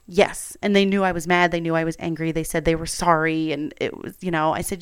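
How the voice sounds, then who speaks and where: Women in her 30s, candid home storyteller; smooth clear tone, close and dry sound, easygoing chatty delivery. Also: sits low, little pitch movement, fast, few pauses, dry recording. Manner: candid, chatty, with many fillers. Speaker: mother sharing a personal story. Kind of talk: casual personal storytelling.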